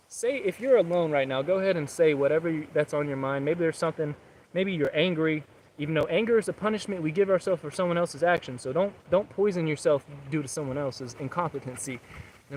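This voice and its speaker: A man's voice: fairly high pitch, a little hiss or hum. A young man vlogging outdoors, talking about his recovery and encouraging viewers in an earnest, rambling way. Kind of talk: casual motivational talk. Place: outdoors, public area.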